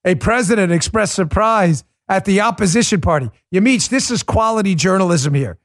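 Man, political commentary host, sarcastic, mocking, fairly high voice, dry close sound. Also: lively intonation, normal speed, dry recording.

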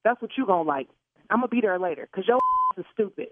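A woman's voice: mid-range voice, animated, quick pace, dry recording. Outraged woman on a tinny phone line. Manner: loud, outraged, swearing. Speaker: caller, prank target. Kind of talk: heated phone call.

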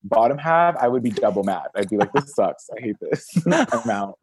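A man guest on a podcast, chatting casually and telling stories with big acted-out quotes that jump high. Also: normal speed, husky, dry recording. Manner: animated storyteller, acts out quotes in big high voices. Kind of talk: casual chat. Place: Los Angeles area.

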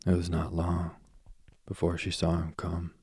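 A man reading an old myth aloud, soft and husky, often dropping to a whisper. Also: low-pitched, completely flat delivery, measured pace, dry recording. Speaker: storyteller.

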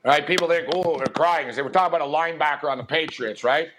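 A man's voice: fairly high pitch, quick pace, background noise. Rambling sports podcast host, man. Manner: loose rambling, filler-heavy. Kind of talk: casual sports betting chat.

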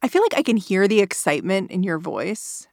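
A woman hosting a news podcast, narrating in a measured, conversational way and asking interview questions. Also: medium pitch, very animated, creaky, dry recording, studio quality. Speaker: podcast host.

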